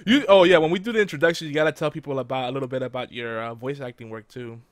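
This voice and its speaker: Male host, relaxed chat, quick bursts, laughs a lot, dry close mic. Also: mid-range voice, dry recording. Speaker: podcast host. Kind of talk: casual chat.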